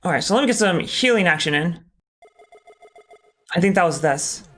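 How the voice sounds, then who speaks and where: A man's voice: high voice, expressive, moderate pace, a bit bright, faint music behind. A man doing live gameplay commentary as a streamer, talking casually and candidly, swearing often and hesitating with many ums. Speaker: game streamer.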